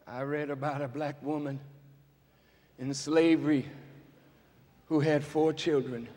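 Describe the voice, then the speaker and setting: Slow, high-voiced man preaching in an arena. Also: fairly even intonation. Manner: dramatic swings between shouting and hushed storytelling. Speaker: minister. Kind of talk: fiery sermon to a large crowd. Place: large indoor arena. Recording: long reverb of a large arena.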